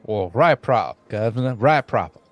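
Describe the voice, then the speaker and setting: A man's voice: high voice, takes it slowly, voice pushed up. A man voicing an eager male florist made ship captain, in a folksy drawl mixed with Cockney words. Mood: folksy grateful.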